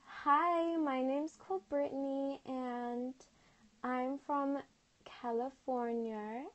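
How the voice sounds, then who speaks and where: A woman's voice: high voice, fairly even intonation, takes it slowly, voice pushed up, poor audio. A British woman putting on an American accent to play a bubbly young Californian woman. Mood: chirpy. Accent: put-on American. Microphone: phone livestream.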